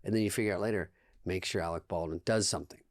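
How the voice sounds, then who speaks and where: Male podcast guest, low-ish pitch, deadpan storyteller, dead-dry studio sound. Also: racing, no echo. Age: 20s. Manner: dry, deadpan anecdotes with quoted dialogue. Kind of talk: casual storytelling chat.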